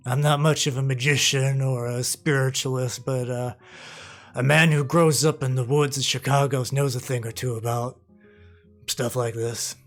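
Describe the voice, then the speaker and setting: A gruff, streetwise male vampire ghost, voiced by a man, blunt and low-key as he calls the listener kid in a tabletop game. His voice sits at an everyday pitch, and soft music plays underneath. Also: level tone, moderate pace, lightly acted.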